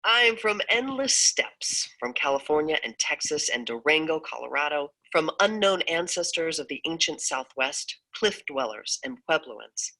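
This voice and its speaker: A speaker reads a poem aloud, line by line, at an unhurried pace. The voice sits at a mid pitch and has a bright, forward tone. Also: sing-song, low-quality recording. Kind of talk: poem recitation.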